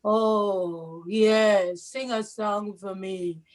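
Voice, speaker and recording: A woman's voice: mid-range voice, fairly even intonation, extremely slow, a little mellow. A woman voicing a big, greedy, bullying male tiger in a children's story, with a lazy, drowsy drawl.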